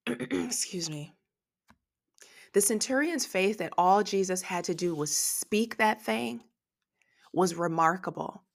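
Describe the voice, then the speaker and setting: A woman's voice: mid-range voice, unhurried, creaky. A woman preaching a devotional podcast sermon, emotional and tearful, praying aloud between her points.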